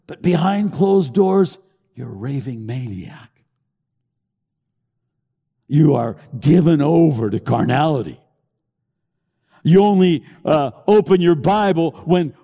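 A man's voice: a little high, lively intonation, slow, long pauses, warm tone, in a large hall. An older man preaching a sermon, with emphatic rises, sing-song stresses and repeated words. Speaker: pastor.

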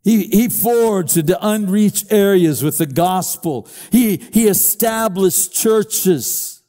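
An older male pastor delivers a sermon at an unhurried pace, his mellow, dark voice carried by a long hall reverb. He leans into key phrases with lilting, sing-song rises and often doubles his words. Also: high voice, faint music behind.

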